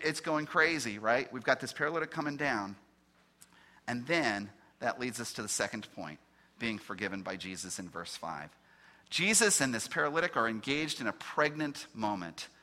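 A male pastor preaching with a lively, swooping delivery and a bright, forceful tone. He walks through scripture point by point, slowing for dramatic pauses and acting out the quoted lines. The feel is earnest, expository preaching. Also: mid-range voice. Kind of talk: sermon.

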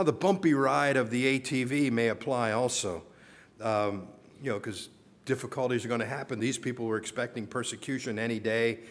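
A man preaching a sermon in a conversational way, often repeating words and rising to loud, emphatic calls. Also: lowish voice.

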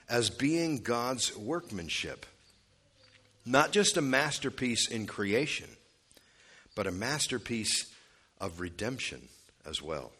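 A man's voice: on the low side, a bit bright. A man preaching an expository sermon as pastor, conversational with asides, leaning hard on key words as his voice rises and drops. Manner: emphatic, rising and dropping for stress.

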